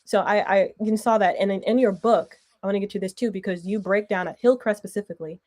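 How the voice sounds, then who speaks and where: A woman's voice: mid-range voice, quick pace, darkish tone. A woman hosting a podcast, asking questions in a casual, conversational way and thinking aloud as she talks. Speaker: podcast host. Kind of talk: conversational interviewing.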